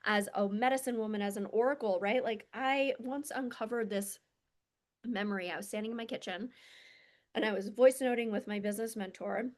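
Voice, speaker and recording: A woman's voice: mid-range voice, brisk, a little mellow. A woman coach talking in a casual, reflective monologue. She sounds earnest and confessional and uses many filler words. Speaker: spiritual self-development coach.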